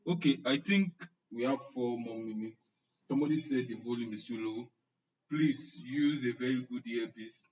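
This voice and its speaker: This is casual live-stream chat from a young Nigerian man teaching online, who jokes around and replies to comments by name. His medium-pitched voice is husky and darkish, moving at an ordinary pace. The sound is muffled and far off.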